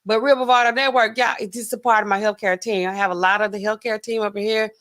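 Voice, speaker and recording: A woman pharmacist hosting a casual livestream, chatting to viewers and acting out customers in quick asides. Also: medium pitch, steady tone, a bit bright.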